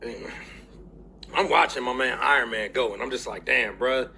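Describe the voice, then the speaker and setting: A young man giving a casual movie review on his channel, telling it in an excitable, profane way with lots of laughing, and tearful as he fights back crying. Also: medium pitch, normal speed, creaky, slight background noise.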